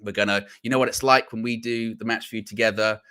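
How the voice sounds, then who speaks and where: A man's voice: lowish voice, steady tone, quick pace, sharp tone, smooth. A man from Oxford, England, hosting a fan livestream in casual, enthusiastic chat and reading viewer comments aloud. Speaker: host of fan channel livestream. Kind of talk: casual live-stream chat.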